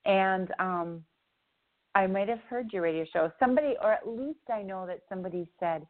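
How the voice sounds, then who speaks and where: A woman speaking slowly and haltingly on a radio chat show, with many fillers. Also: mid-range voice. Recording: tinny phone-line audio.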